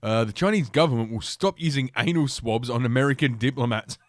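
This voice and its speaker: A man's voice: mid-range voice, brisk, dry recording. A man hosting his solo podcast in a crude, rambling casual style with many fillers, drinking as he talks. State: drinking while talking. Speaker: podcast host.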